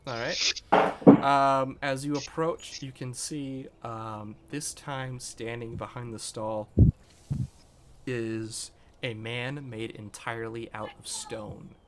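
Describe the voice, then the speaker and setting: A young man narrating as game master of a tabletop game, relaxed and full of ums. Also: mid-range voice, heavy background noise. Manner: relaxed, many ums, slow when voicing shopkeepers.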